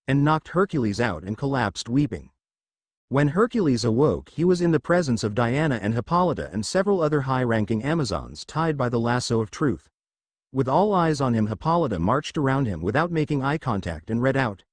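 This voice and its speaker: A man's voice: medium pitch, sing-song, normal speed, darkish tone, dry recording. Dramatic male storyteller, dry close sound. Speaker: narrator. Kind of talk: story narration.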